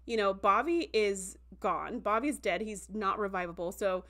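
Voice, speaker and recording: A young adult woman recapping an episode in a casual livestream, animated and full of fillers, acting out quoted reactions as she goes. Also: medium pitch, moderate pace. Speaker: show reviewer.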